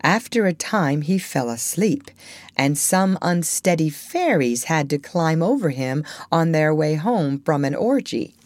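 A woman reading a children's classic aloud as an audiobook, in a measured, expressive storytelling manner. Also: low voice, no echo. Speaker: audiobook reader. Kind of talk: scripted storybook narration.

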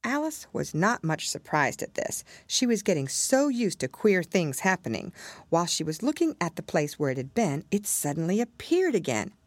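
A woman narrates a storybook in a low voice, expressive and measured, with a lively rise and fall. She sounds close and dry. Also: dry recording. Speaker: storybook reader.

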